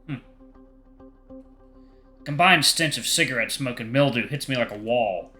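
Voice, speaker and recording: A man's voice: mid-range voice, lively intonation, a little slow, bright, forceful tone, soft background music. A man narrating a visual novel aloud in the first person, with wry asides. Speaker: game streamer reading a visual novel.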